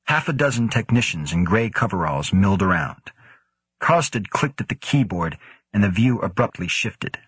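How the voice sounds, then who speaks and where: Male audiobook reader, low and husky, steady pacing, dry booth sound. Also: normal speed, no echo. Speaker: audiobook narrator. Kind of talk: scripted narration.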